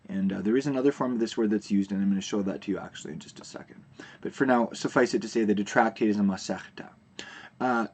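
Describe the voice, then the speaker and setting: Lowish male teacher, loose explaining. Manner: relaxed explaining with frequent fillers and restarts. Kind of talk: recorded video lesson.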